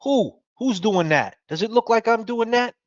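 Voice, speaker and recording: A man's voice: high voice, expressive, normal speed, dry recording, muffled recording. A man hosting a podcast, ranting at critics in a combative, profane, mocking way. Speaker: podcast host. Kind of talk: ranting talk-show monologue.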